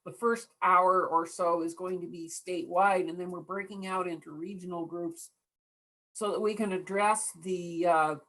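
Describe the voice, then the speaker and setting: Woman instructor, lowish voice, measured explainer on a video call. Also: steady tone, a bit bright, low-quality recording. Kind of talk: online meeting.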